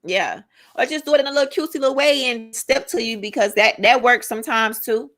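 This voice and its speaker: A woman co-hosting a casual podcast chat, reading out viewer comments and reacting in an animated, lively way. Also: a little high, fairly quick.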